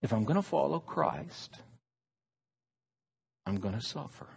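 A man's voice: mid-range voice, animated, unhurried, gravelly, husky, big-room sound. A man preaching a sermon, emphatic and stressing single words.

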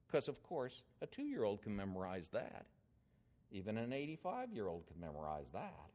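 An older man preaching a sermon, telling a story with swings in emphasis and loudness. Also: fairly low pitch, huge pitch swings, moderate pace.

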